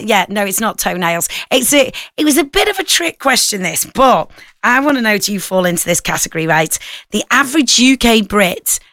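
A woman's voice: medium pitch, a bit bright, dry recording, studio quality. A middle-aged woman hosting a breakfast radio show, chatting casually with jokey, rambling asides.

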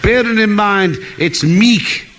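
A man doing comic radio banter, slowly explaining a pun and laughing through it. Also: sits high, heavy background noise. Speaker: radio comedy co-host.

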